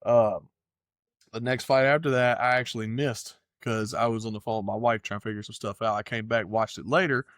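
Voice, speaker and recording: A man chatting on a fight podcast in a loose, rambling way, swearing freely as he gives his takes. His voice sits at an ordinary pitch for a man. The sound is dry and close, with no room around it. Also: steady tone, fairly quick, fairly bright tone, no echo. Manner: loose, profane, rambling, does impressions of fighters. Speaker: podcast co-host. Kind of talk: casual chat.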